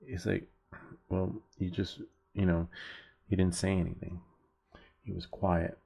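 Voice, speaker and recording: A man's voice: sits low, flat delivery, a little slow, gravelly, mellow, husky. A man hosting a soldering livestream, chatting casually and rambling through stories with chuckles. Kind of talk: casual chat while soldering.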